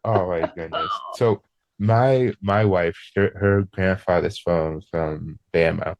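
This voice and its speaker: A man's voice: low voice, slow pace, a little mellow, dry recording. A man from the American Northeast hosting a casual podcast interview, laid-back, swearing casually and laughing a lot. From Northeastern United States. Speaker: podcast host.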